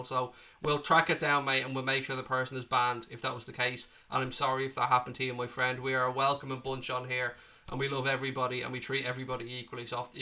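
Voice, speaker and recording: Answering viewers on a casual live stream, this Irish host, who has a cold, swears freely and calls everyone mate. His voice is medium in pitch with a sharp tone.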